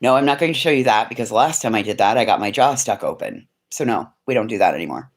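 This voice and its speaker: A woman's voice: very deep voice, expressive, quick pace. Rambling, foul-mouthed woman vlogger at home. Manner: rambling, frank, swears freely. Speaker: vlogger chatting with live viewers. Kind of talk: casual livestream chat. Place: at home indoors, living room.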